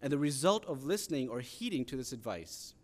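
Guy preaching, earnest and chatty, middle pitched voice, pushes harder on the big points. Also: big pitch swings, brisk, a little mellow, slight background noise. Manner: earnest, conversational teaching with rising emphasis on pleas. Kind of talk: sermon.

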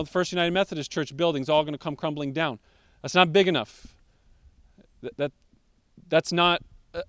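A man preaching a sermon as pastor, slowing down to stress key words. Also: fairly high pitch, clean tone, dry recording, studio quality.

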